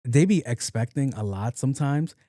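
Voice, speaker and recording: A man's voice: mid-range voice, animated, moderate pace, warm tone, no echo, clean studio sound. A man in his late thirties, a podcast host, telling a comedic story alone, acting out both sides of the conversation, laughing and swearing casually. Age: 30s.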